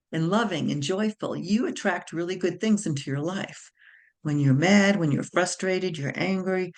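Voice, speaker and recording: A woman, a naturopathic doctor giving a motivational webinar talk, slow and emphatic, repeating key phrases like a mantra. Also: low-pitched.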